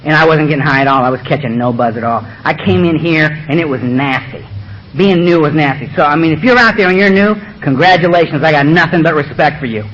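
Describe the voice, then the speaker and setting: Fast-talking, blunt, high-voiced man. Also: fairly bright tone, a little hiss or hum. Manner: blunt, streetwise and emphatic. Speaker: recovery meeting speaker. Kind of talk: personal testimony talk. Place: meeting room. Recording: dull lo-fi recording.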